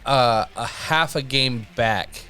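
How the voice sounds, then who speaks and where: A man's voice: mid-range voice, slow, bright, forceful tone, clean tone, soft background music. A man co-hosting a casual sports podcast, speaking bluntly and swearing casually. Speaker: podcast co-host.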